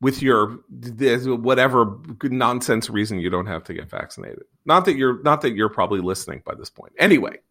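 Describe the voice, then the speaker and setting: A man's voice: medium pitch, animated, fairly quick, few pauses, bright, forceful tone. A middle-aged man hosting a podcast, talking bluntly and heatedly in a ranting, casual debate. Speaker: podcast host.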